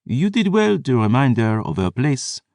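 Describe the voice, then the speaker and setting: A man's voice: mid-range voice, sing-song, normal speed, darkish tone, no room sound, studio quality, pitched above the performer's own voice. A man doing a smug vampire historian. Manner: smooth, condescending, lecturing.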